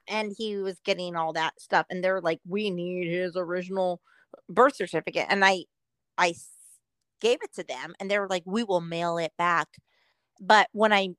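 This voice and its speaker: A woman's voice: mid-range voice, fairly bright tone, clear, resonant tone, dry recording. A woman from Southern California co-hosting a podcast, speaking bluntly and with lots of swearing in casual chat. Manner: profane, blunt, laughs along. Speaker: podcast co-host.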